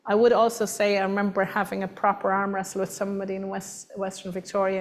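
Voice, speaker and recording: A woman with an Irish accent giving a lively, emphatic workshop talk to a room of people, now and then acting out what others say. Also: medium pitch. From Ireland. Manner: animated, emphatic, acts out voices of others. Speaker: workshop presenter. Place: meeting room with audience.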